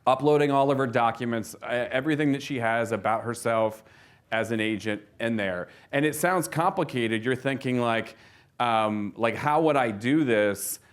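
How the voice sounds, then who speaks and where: A man's voice: medium pitch, moderate pace, smooth. A man giving a casual seminar talk to an audience of real estate agents, telling stories with lots of fillers and restarts. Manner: chatty storyteller, frequent fillers and restarts.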